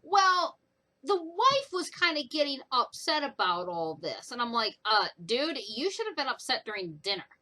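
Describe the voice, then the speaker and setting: A young woman casually retelling a book's plot in a chatty, animated way for her vlog. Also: on the high side, normal speed, hardly any pauses, rough recording. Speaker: book reviewer. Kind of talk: casual book review vlog.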